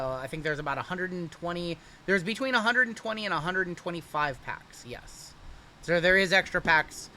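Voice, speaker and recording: A man hosts a live card break, talking casually and reacting with upbeat energy as each pack opens. His voice is bright and forceful and sits a touch high. Faint ambient noise sits under the talk. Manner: chatty, upbeat, and quick to react to pulls.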